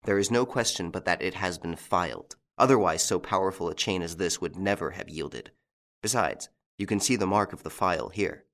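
A composed gentleman thief speaks in a measured, commanding way, voiced by a male audiobook reader. His lowish voice is clear and deliberate, and he questions and reassures with quiet authority. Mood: grave.

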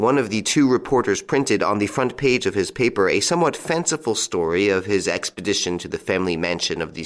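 A man reading a classic story aloud as an audiobook narrator, with expressive storytelling. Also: fairly low pitch. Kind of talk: scripted narration.

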